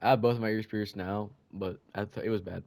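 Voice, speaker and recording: A young man with a lowish voice tells school stories on a casual podcast. He is unhurried and laid-back, and pokes fun at himself as he goes. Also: fairly even intonation, a little mellow. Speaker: podcast co-host. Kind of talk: casual storytelling chat.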